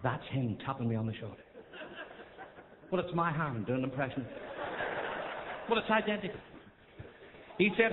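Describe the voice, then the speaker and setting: A man with a Northern Irish accent doing stand-up one-liners on a theatre stage, chatty and coaxing the crowd between rapid gags. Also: medium pitch, big pitch swings. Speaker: stand-up comedian. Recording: echoey theatre, tinny thin sound, noisy. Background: audience laughter.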